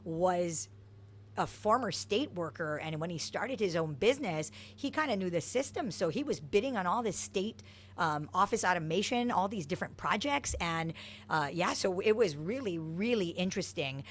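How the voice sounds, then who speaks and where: A middle-aged woman from Hawaii who coaches soccer tells stories from her past in an interview, energetic and animated. Her voice is on the low side at normal speed, with a little hiss or hum in the recording.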